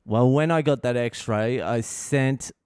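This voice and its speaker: A man's voice: medium pitch, slow, a little mellow, smooth, no room sound, studio quality. A man, telling a story to his podcast in a laid-back, profane way, with a sore chest. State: sore chest, short of breath. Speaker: comedian podcast host. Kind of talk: casual storytelling monologue. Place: hospital.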